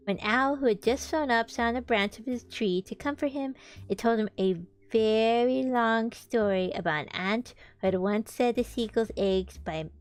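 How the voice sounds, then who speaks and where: A young woman streamer reading a storybook aloud, animated, with chatty asides to her viewers. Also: fairly high pitch. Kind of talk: casual read-aloud stream. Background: faint background music.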